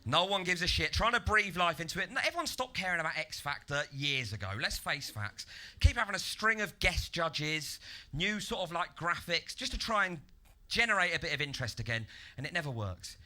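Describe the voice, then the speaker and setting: Brief: male stand-up with a high, sharp, lively voice and deadpan delivery that turns into rants. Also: a little fast. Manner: deadpan setups that burst into loud, ranting act-outs. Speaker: stand-up comedian. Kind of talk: stand-up comedy set. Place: comedy club stage.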